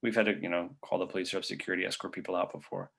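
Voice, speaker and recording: Low gravelly man answering questions. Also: level tone, rapid-fire, a bit bright. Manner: conversational, thinks aloud with frequent fillers. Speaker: physician presenter.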